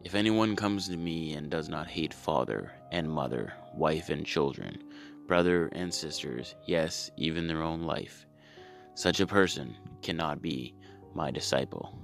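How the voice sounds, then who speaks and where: A man performing a comedy bit, reading scripture and then his own updated versions, in a deadpan, low-key way with exasperated outbursts. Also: unhurried, creaky, soft background music.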